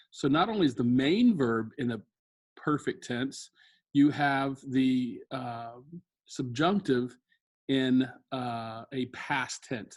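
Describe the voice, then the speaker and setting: A man teaching Latin grammar in a recorded screen-share lesson, explaining in a relaxed way with fillers and self-corrections. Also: mid-range voice, slightly rough.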